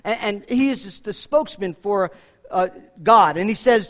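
High-voiced male preacher. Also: unhurried. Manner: preaching with repetitions and restarts, rising for scripture quotes. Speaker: pastor. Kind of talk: sermon.

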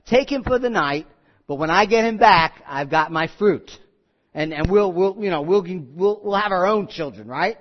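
A man voicing a bossy young woman who bargains over her husband and calls out numbers briskly. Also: high voice, animated. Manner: brisk, commanding, like calling out numbers at a counter. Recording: slightly muffled recording.

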